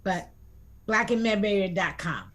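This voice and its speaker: A woman's voice: medium pitch, animated, a little slow, fairly bright tone. A woman co-hosting a talk show, chatting casually and encouraging viewers. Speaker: co-host.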